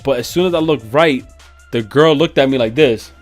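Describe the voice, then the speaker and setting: A man's voice: mid-range voice, normal speed, faint music behind. A man telling a profane, slangy story in a casual vlog. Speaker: vlogger.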